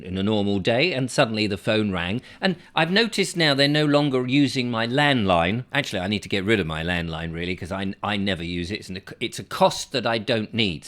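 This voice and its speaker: This vlog host speaks with a fairly low, somewhat bright voice as he tells a story to camera. The monologue is casual, rambling and chatty, dotted with wry asides.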